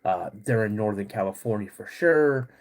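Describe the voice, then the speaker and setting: A middle-aged man hosting a casual livestream, laid-back and rambling, clearing his throat often as he gets over a cold. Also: fairly low pitch, animated, normal speed. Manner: laid-back and rambling, greets chat viewers between stories. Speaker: podcast host.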